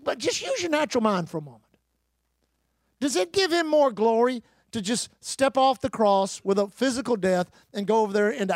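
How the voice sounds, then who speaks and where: A high-pitched male pastor delivers a sermon in a dry recording. He preaches emphatically, with rising emphasis, repetition, and calls to the congregation.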